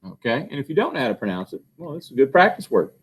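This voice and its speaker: A male phonics teacher talks in a husky, sing-song, mid-range voice at a rapid-fire clip. The recorded classroom lesson has him patiently asking questions and responding to them himself.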